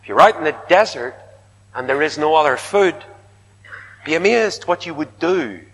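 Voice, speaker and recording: Emphatic preacher in a hall. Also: male voice, a little high, animated, moderate pace. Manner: emphatic, rising to loud repeated protests. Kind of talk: sermon. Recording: long hall reverb.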